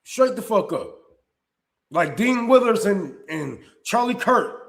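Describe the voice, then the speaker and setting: High-voiced man ranting in an echoey room. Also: very animated, slow, vocal fry, fairly bright tone. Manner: profane, heated and blunt, with repeated restarts. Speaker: streamer and commentary host. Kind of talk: live-stream commentary rant.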